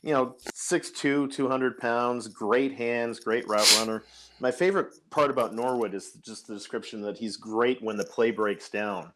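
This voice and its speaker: A man's voice: medium pitch, normal speed, heavy background noise. A man co-hosting a casual sports podcast, eagerly breaking down new players. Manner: enthusiastic fan analysis. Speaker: podcast co-host.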